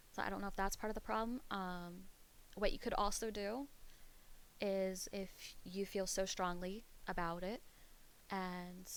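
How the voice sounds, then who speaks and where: A woman's voice: medium pitch, poor audio. A young adult woman streaming live, chatting casually with her viewers in a rambling way, losing her train of thought and laughing often. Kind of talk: casual livestream chat.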